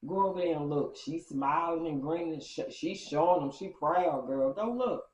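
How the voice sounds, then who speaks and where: A woman's voice: deep voice, normal speed, a little mellow, close to an everyday voice. A woman voicing her gossipy teenage girlfriend, who insists and drags out her emphasis. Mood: urgent gossip. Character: gossipy teenage girl friend, eager to spill news. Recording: roomy, dull lo-fi sound.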